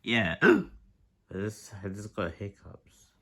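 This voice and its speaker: A man's voice: fairly low pitch, sing-song, slow, bright, forceful tone, heavily acted. A man voicing a plush-toy plumber hero who keeps gasping with hiccups in a homemade skit. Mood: hiccuping.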